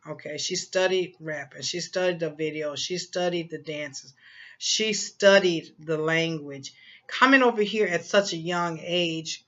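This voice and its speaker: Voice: medium pitch, a bit bright, muffled recording. A psychic reader giving a casual spoken prediction, rambling and emphatic, with many fillers and repeated phrases.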